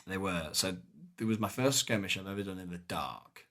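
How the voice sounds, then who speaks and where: A very low-pitched man chatting casually on a podcast. He retells events in a rambling, animated way, tripping over fillers and restarting sentences as he goes. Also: normal speed. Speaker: podcast co-host. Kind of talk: casual chat recapping a live-action game event.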